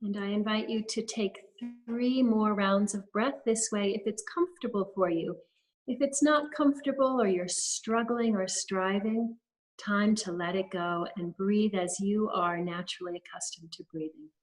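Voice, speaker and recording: A woman, a holistic health practitioner, leading a guided breathing exercise with gentle step-by-step instructions over a webinar video call. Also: mid-range voice, moderate pace, poor audio.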